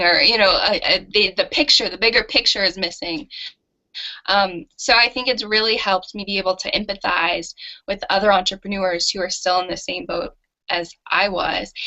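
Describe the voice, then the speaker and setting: Lively woman entrepreneur telling her story. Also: medium pitch. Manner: animated and self-mocking, with laughs. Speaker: entrepreneur guest. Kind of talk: candid storytelling interview. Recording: dull lo-fi audio.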